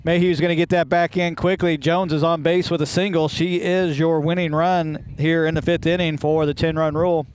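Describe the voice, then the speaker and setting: A man calling a high school softball game, upbeat and joking between plays. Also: little pitch movement, normal speed, hardly any pauses, slight background noise. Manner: upbeat, jokey, plugs ads. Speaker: play-by-play commentator. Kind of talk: sports commentary. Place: windy outdoor ballpark press table.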